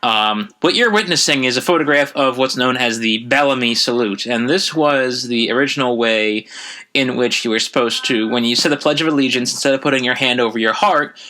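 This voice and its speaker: A man's voice: medium pitch, bright, forceful tone. A man teaching a history lesson online, explaining slides in a conversational, thinking-aloud way. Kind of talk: casual online lecture over slides.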